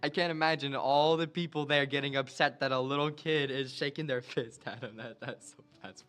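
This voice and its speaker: Young man telling stories, animated. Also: mid-range voice, brisk. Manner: animated storyteller, laughs often. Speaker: podcast co-host. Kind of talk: casual chat.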